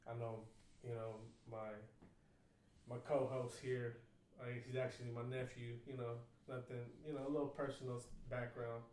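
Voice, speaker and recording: A man co-hosting a casual podcast chat, speaking in an earnest, halting way with many restarts. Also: medium pitch, little pitch movement, darkish tone, a little hiss or hum. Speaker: podcast co-host, uncle. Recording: roomy, distant from mic, faint ambience.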